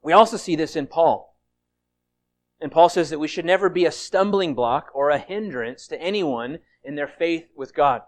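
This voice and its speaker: A man's voice: on the high side, normal speed. A man preaching a sermon in a conversational way, often restarting and acting out quoted speech. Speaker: pastor.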